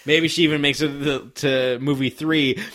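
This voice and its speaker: A man in casual movie-review chat, animated, swearing and laughing often. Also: fairly high pitch, moderate pace.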